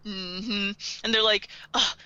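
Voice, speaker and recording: A woman in casual podcast chat, laughing easily as she quotes characters and fills in plot details. Her voice is bright and clear. The recording is dry, with no room sound. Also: medium pitch, steady tone, slow, no echo, lo-fi sound. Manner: giggly, quotes characters, adds plot context. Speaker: podcast co-host.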